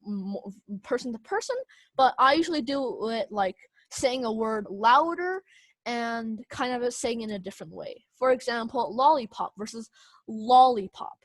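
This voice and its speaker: A young woman leads a youth speech class on a video call, her voice a bit high and dry, close to the mic. She hedges constantly with fillers and little laughs as she explains things. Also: no echo. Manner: hesitant, many ums and kind-ofs, laughs often. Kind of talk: online class teaching.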